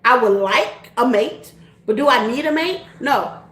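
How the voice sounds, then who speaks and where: A woman's voice: on the high side, animated, a little slow, fairly bright tone. Middle-aged lady talking to her viewers, lots of laughs and repeats herself, kinda roomy echo. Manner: laughs often, repeats phrases, folksy and direct. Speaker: tarot reader and channel host. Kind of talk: casual live-stream chat to viewers.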